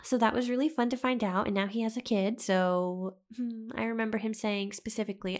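A woman's voice: a little high, fairly even intonation, a little fast, few pauses, darkish tone. A young woman hosting a podcast, telling a personal story in a chatty, dramatic way and swearing freely. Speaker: podcast host. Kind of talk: casual storytelling monologue.

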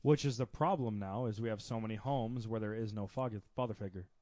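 A man's voice: fairly low pitch, quick pace, warm tone. A man co-hosting a podcast in casual chat, plainspoken and firm.

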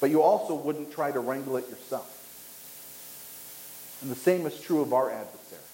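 A man preaching a sermon, emphatic, with dramatic pauses and rising pitch on key points. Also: dark tone, reverberant, a little hiss or hum, poor audio. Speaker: pastor. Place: church.

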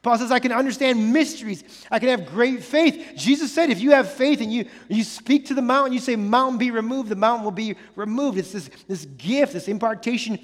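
A male pastor with a notably high voice delivers an earnest sermon, hammering his points by repeating them. His words trail off into a long, ringing reverb from a large hall. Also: fairly quick, few pauses. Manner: earnest, repetitive emphasis with many restarts.

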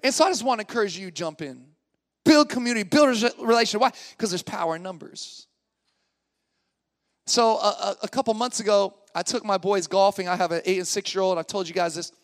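A man in his thirties, a pastor, preaching a sermon in a casual, slangy style that moves from relaxed storytelling into emphatic preaching. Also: high voice, fairly quick.

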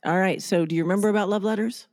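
A woman's voice: mid-range voice, rapid-fire, a little mellow. A woman co-hosting a casual podcast chat, frank and laughing often, her voice scratchy from a sore throat. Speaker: podcast co-host.

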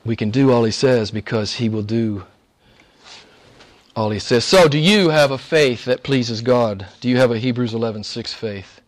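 A man preaching a sermon to a live congregation, exhorting with rhetorical questions and dropping to hushed whispers before rising to fervent shouts. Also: mid-range voice, normal speed.

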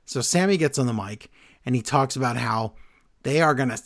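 A man co-hosting a casual talk show, recapping events in an animated way and acting out the quotes he retells. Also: fairly quick. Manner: animated, acts out quotes with shifting pitch and loudness. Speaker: podcast co-host recapping wrestling. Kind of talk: casual chat.

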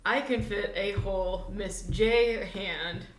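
A young woman joining as a guest in a casual chat, animated and joking. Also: mid-range voice, slow pace. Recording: echoey room.

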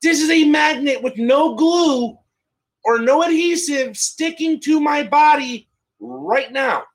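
A man co-hosting a casual call-in chat, emphatic and swearing loudly when he gets worked up. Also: very high voice, lively intonation, slow, low-quality recording. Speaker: show co-host. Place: at home on a video call.

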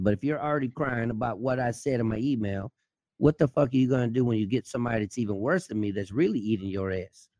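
A man's voice: medium pitch, warm tone, dry recording. A man co-hosting a nursing podcast, an instructor who talks bluntly, swears a lot and teases his co-host. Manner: blunt, profane, teasing. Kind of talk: casual podcast banter.

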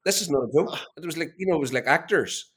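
A middle-aged man tells an animated, swearing story as a guest in a casual chat. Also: fairly high pitch, quick pace, husky. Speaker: guest, former player.

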